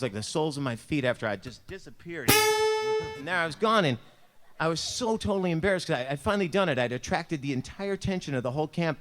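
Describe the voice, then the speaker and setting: A man's voice: a little high, fairly bright tone. A man leading a church devotion, telling a personal story in a chatty, self-deprecating way full of "like" and "you know".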